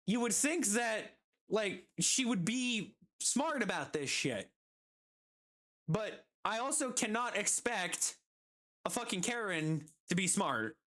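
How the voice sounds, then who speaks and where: A woman's voice: medium pitch, lively intonation, slow, fairly bright tone. Exasperated, swearing woman streamer. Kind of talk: casual storytelling while gaming.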